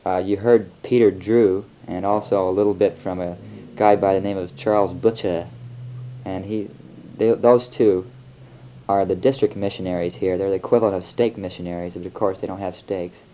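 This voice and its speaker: A man's voice: deep voice, fairly even intonation, moderate pace, mellow. A young American man, a missionary, rambling easily through a spoken audio letter on an old home tape. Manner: easygoing, rambling, chatty. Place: missionaries' flat. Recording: lo-fi home tape with faint hiss.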